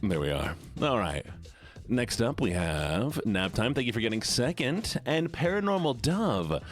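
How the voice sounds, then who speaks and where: Greeting each viewer in turn, this streamer speaks in a bouncy, medium-pitched voice that rises and falls. He drags out his hellos with a playful, teasing ease while faint, soft music runs underneath the casual chat.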